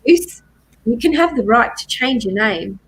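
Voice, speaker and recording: A woman's voice: a little high, lively intonation, normal speed, slight background noise, rough recording. A middle-aged woman telling her own story as a guest, emphatic and repeating key phrases for force. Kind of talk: personal testimony in a live chat.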